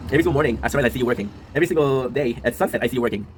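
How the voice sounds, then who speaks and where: A worn-out man in his twenties unloads in a quick, rambling confessional monologue and keeps tagging his lines with a question. His words spill out at a breakneck pace and he swears as he goes. A faint background noise sits under the voice. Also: medium pitch, low-quality recording. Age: 20s. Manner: rambling, often adds a tag question and swears. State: low and worn out. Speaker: streamer and video creator.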